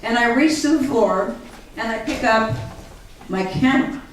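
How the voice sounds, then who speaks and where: Addressing a live audience at a public gathering, a woman tells her personal story with earnest, animated energy and takes on the voices of the people she quotes. Her voice sits a touch high and moves at normal speed. She's picked up from a distance in a large, echoing hall, with a faint hiss underneath.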